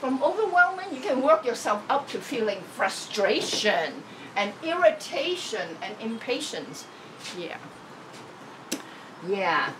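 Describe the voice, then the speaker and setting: Lady giving a motivational talk, kinda high voice, acts out the feelings, noisy room behind. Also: slow pace, distant mic. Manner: expressive, swinging between emphatic and soft, acting out feelings. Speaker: spiritual teacher.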